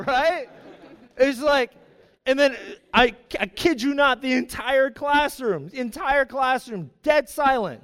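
A young man preaching a sermon, telling a personal story in an animated way with many asides. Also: very high voice, moderate pace, long reverb tail.

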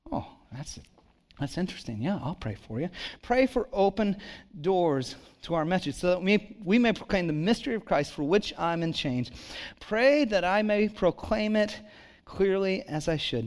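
A middle-aged male pastor preaching a sermon, telling lively personal stories and acting out the voices of people in them. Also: medium pitch. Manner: animated storyteller, acts out quoted voices.

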